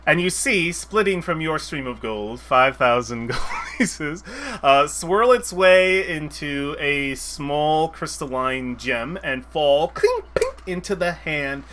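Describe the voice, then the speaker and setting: A man narrating as game master of a tabletop game, halting and restarting often. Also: fairly high pitch, animated, a bit bright, slight background noise.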